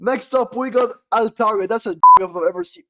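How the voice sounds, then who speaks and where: A young man chatting casually as a vlogger, excitable and slangy, often breaking into laughter. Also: very high-pitched, fairly quick. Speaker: quiz vlogger. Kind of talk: casual chat.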